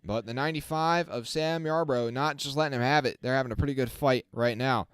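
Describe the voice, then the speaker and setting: A man giving casual live-stream race commentary as the channel host, chatting with his viewers and getting excited on the restarts. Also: mid-range voice, brisk, smooth, no echo. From not from the South. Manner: self-correcting, talks to the chat.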